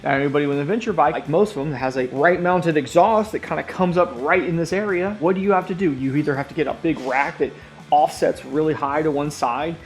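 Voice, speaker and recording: A man's voice: a little high, quick pace, soft background music. A young man hosting a motorcycle vlog, casual and playfully sarcastic. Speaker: motorcycle vlogger.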